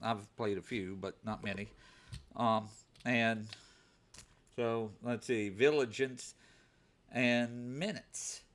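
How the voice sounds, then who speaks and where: Slow, hesitant man chatting about comics. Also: mid-range voice, fairly even intonation, a bit bright. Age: adult working overnight shifts. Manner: hesitant, many fillers and repeated words. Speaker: comic book vlogger. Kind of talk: casual unscripted show-and-tell.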